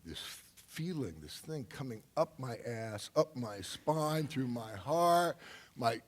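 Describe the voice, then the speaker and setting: A man's voice: mid-range voice, expressive, measured pace. An older man telling a loose, rambling anecdote on stage to a live audience, full of fillers and laughs. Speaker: guest speaker.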